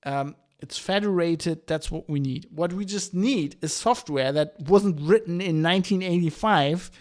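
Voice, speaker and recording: Podcast host, male, higher-pitched voice, swearing, exasperated tech rant full of restarts. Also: unhurried, a little mellow. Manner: profane, exasperated, many restarts and "like" fillers. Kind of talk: ranting podcast monologue.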